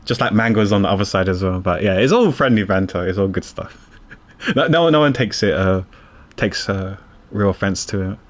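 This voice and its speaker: Animated male game streamer. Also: lowish voice, normal speed. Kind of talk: casual gaming commentary.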